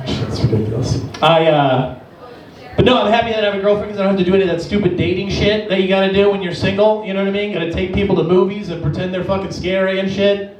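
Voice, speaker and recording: A man's voice: sits high, fast talker. A man performing a stand-up comedy set in a club, rambling and profane, acting out the people in his stories. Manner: profane, rambling, acts out quoted voices. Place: comedy club stage in a sports lounge. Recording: echoey club audio from far off.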